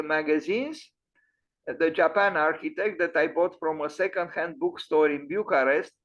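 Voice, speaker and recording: Guy giving an online talk on buildings, highish voice, lots of uh and restarts, dull lo-fi sound. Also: vocal fry, a bit bright. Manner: hesitant, many fillers and restarts. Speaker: architecture lecturer and host. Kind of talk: online lecture on architecture. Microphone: video call.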